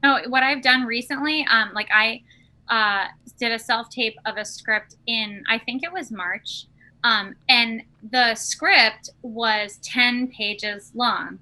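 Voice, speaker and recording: A woman co-hosting a podcast, telling relaxed stories in casual chat. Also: on the high side, slow pace, poor audio. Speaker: podcast co-host.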